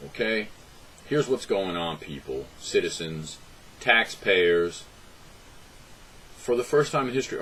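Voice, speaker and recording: A man from the United States rants angrily to camera about politics. His voice sits very low and he talks bluntly and swears freely. A faint hiss runs under the recording. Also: a bit bright, rough recording. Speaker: political vlogger. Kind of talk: angry political rant to camera.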